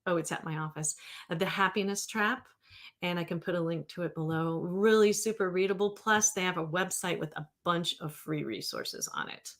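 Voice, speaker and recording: Rambling woman in her fifties, low-voiced. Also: normal speed, fairly bright tone. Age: 50s. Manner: rambling, reads viewer comments aloud. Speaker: therapist hosting a livestream. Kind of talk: casual livestream talk.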